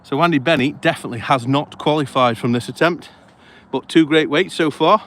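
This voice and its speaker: A man, out of breath, hosting a live outdoor event by a lake. His voice sits a little high and he talks in a chatty, breathless rush. The sound is a rough outdoor camera mic. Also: brisk, slight background noise. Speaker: host. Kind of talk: live on-the-move commentary.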